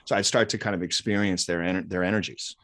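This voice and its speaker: A life coach in his 40s tells stories in a casual interview, animatedly acting out the quoted dialogue. His voice is low and he talks fast, captured on a close podcast mic with no room sound.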